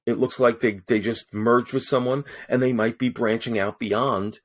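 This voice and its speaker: A man's voice: medium pitch, normal speed. Chatty voice-over man telling stories. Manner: animated storyteller with many restarts. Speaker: guest voice-over artist. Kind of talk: casual podcast conversation. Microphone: studio mic in his booth.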